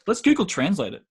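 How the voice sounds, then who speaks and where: Husky, laid-back man. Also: high-pitched. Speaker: podcast co-host. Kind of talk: casual chat.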